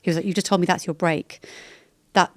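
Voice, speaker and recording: A woman's voice: lowish voice, fairly even intonation, a little fast, no echo. A British woman in her thirties, a podcast guest, talking candidly in a chatty, rambling way that often interrupts itself. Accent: British English. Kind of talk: candid casual chat.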